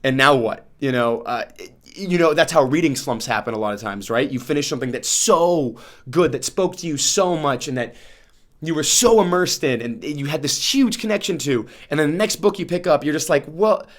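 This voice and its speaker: A man's voice: a little high, lively intonation, normal speed. Rambling, emotional young man vlogging. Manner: rambling and emotional, many "like" fillers and restarts. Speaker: book vlogger. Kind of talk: casual vlog monologue.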